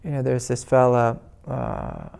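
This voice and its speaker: A man, a spiritual teacher, giving a gentle, rambling talk at a meditation retreat, full of "you know" fillers. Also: medium pitch, fairly even intonation, unhurried, creaky. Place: indoor retreat meeting room.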